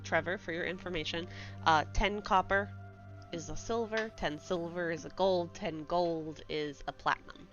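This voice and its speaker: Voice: medium pitch, fairly even intonation, normal speed, fairly bright tone, muffled recording, faint music behind. A game master narrating a tabletop game in a chatty way, explaining the rules to the players.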